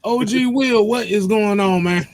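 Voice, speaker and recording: A man hosting a live stream, asking a guest polite but halting questions. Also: high voice, no room sound. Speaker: podcast host. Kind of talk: interviewing a guest.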